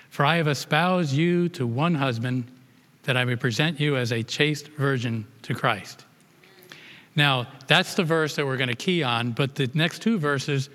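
A man's voice: mid-range voice, fairly bright tone. Give me a man leading a Bible lesson, rereading and restarting verses, in a reverberant hall. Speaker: Bible study teacher.

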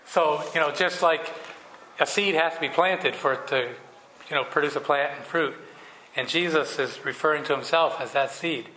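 Sharp in tone and a little high, a man speaks at a moderate pace as he leads a Bible study. He reads scripture out loud and follows with a casual, filler-laden explanation, in an echoey room with faint background noise.

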